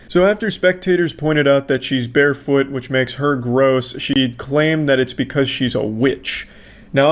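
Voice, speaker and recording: Brief: male host, mid-pitched, sarcastic, swears freely, casual reaction talk. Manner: profane, sarcastic. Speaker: commentary channel host.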